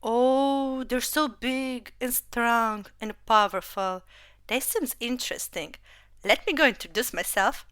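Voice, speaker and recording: A woman voicing a gentle, hopeful young female dragon robot in a read-aloud story, speaking softly and earnestly. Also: fairly high pitch, slow, clean tone, no echo, studio quality. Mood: eager. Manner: soft-spoken, earnest. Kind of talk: storybook reading.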